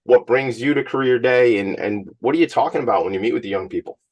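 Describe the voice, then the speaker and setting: A man's voice: mid-range voice, darkish tone. A man hosting a radio talk show on location, speaking with effusive enthusiasm. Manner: enthusiastic, effusive, rapid talker. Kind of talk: casual radio interview. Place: on location at a high school.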